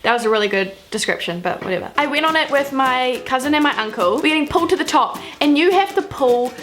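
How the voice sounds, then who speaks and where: A young New Zealand woman vlogs to camera, telling personal stories in a chatty, self-mocking style. Her voice is high-pitched, animated, and fairly bright, and she talks quickly.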